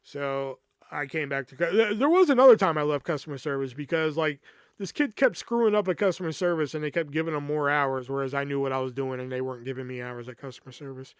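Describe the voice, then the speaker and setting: A man's voice: a little high, fast talker, clear, resonant tone, no room sound, studio quality. A man hosting a podcast, telling a story in a casual, exasperated way, swearing freely and acting out what his coworkers said. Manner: profane, exasperated, acts out quoted coworkers. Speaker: podcast host.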